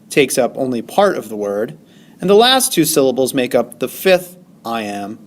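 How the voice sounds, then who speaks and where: A man's voice: medium pitch, very animated, slow pace. A male teacher lecturing over slides, stressing syllables and counting them aloud.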